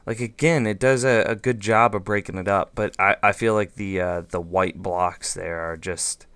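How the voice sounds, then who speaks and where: Low-voiced guy narrating his game build, smooth clean voice, rambly and goofy, lots of ums. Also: steady tone, normal speed, hardly any pauses, fairly bright tone, no room sound. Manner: thinks aloud, rambling with fillers and goofy asides. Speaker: let's play host. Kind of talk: casual gameplay commentary.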